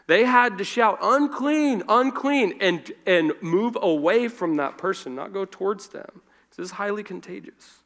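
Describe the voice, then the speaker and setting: Preacher, man, high-pitched, informal, loose sermon delivery that swings between forceful stresses and quiet asides. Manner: informal, self-correcting, shifts between loud emphasis and hushed asides. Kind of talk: conversational sermon. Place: church.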